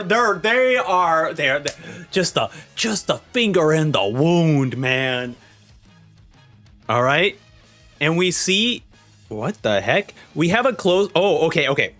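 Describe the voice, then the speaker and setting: A man hosting a manga reaction video, reading the chapter aloud and reacting with excitable energy. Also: fairly high pitch, slow, faint music behind. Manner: animated and excitable, acts out characters' lines. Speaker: manga reaction channel host.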